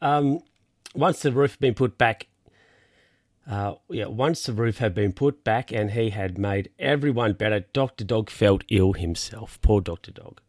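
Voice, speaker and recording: A man's voice: on the low side, unhurried, darkish tone, dry recording, studio quality. A man reading a children's picture book aloud, breaking off for wry, amused asides. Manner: amused, ad-libbing wry comments. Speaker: reader.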